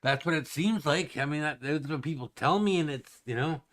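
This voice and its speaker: A man's voice: fairly high pitch, a bit bright. Rambling man in casual chat. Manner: rambling, halting, with fillers and profanity.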